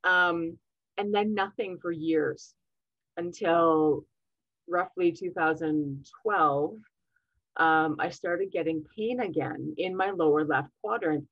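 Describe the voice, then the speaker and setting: A woman guest tells her story with lively acted-out dialogue, her voice set a little low for a woman. The call audio is dull and lo-fi, with no room sound around it. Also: slow, no echo. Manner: animated, acts out quoted dialogue. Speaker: podcast guest. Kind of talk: casual storytelling interview.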